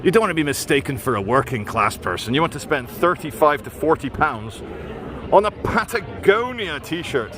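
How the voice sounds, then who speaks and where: A man walks a city street, filming himself and making dry, mocking remarks about what he passes. His voice sits a little high for a man. Traffic and street ambience come through clearly on the handheld recording. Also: big pitch swings, moderate pace. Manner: sardonic, mocking running commentary. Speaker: vlogger. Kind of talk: walking street vlog commentary. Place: outdoors on a busy city street. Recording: outdoor street noise.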